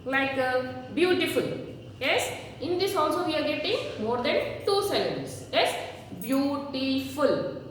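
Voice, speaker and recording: A woman teaching a grammar lesson to children, slowly repeating word forms for them. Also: high voice, very animated, a bit bright, a little hiss or hum. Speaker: schoolteacher. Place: classroom. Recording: echoey room, far from mic.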